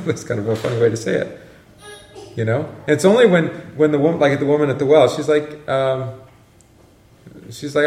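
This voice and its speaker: A man's voice: fairly high pitch, moderate pace, pauses often, a little mellow. A man leading a casual Bible study, joking and quizzing his class as he reads passages aloud. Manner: chatty, joking, asks the class questions. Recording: echoey room, faint noise.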